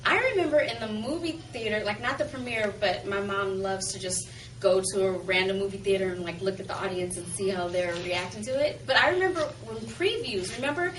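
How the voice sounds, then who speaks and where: A woman's voice: medium pitch, fairly quick, slight background noise. A woman in her thirties, a voice actress, chatting casually and giggly in an interview, with many filler likes. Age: 30s. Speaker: voice actress guest. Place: public press event. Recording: echoey distant mic with loud crowd.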